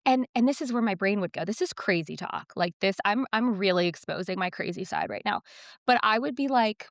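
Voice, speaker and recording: A woman in her thirties co-hosting a podcast, talking candidly and self-deprecatingly about her fears, lively when she quotes herself. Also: medium pitch, moderate pace, dry recording, clean studio sound. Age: 30s. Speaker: podcast co-host. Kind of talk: casual chat.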